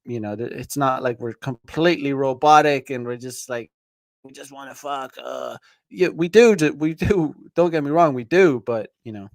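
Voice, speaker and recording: A man's voice: mid-range voice, normal speed, gravelly, darkish tone, no room sound, studio quality. A man hosting a podcast, talking in a blunt, profane, rambling way with many restarts and fillers. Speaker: podcast host. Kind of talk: casual livestream monologue.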